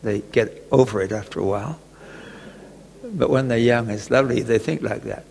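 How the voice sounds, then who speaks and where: A man preaching a sermon, telling a gentle personal story and often chuckling. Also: mid-range voice, moderate pace, creaky, a little hiss or hum. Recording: long echoey reverb.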